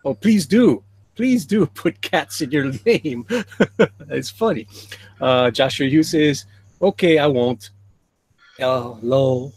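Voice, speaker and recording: A man's voice: a little high, animated, takes it slowly, pauses often, no echo. Chatty man reading stream chat. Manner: reads viewer comments aloud, chuckling often. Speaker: livestream host reading chat. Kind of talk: casual livestream chat.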